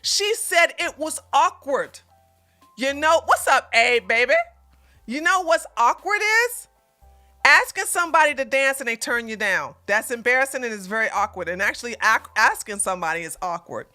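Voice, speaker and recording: Reacting to a clip, a livestream host rants at her chat in a high, sharp, bright voice, expressive and at normal speed. Her heated commentary is blunt and full of cursing; she mocks, repeats her points forcefully, and laughs loudly, with faint music behind her.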